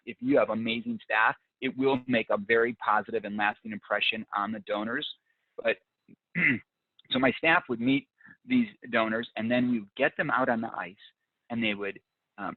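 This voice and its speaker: A man's voice: medium pitch, no room sound. A man presenting a fundraising webinar, talking enthusiastically and reading out audience ideas as they come in. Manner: enthusiastic, reads audience chat aloud. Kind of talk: live fundraising webinar talk. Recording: dry, phone-like narrow sound.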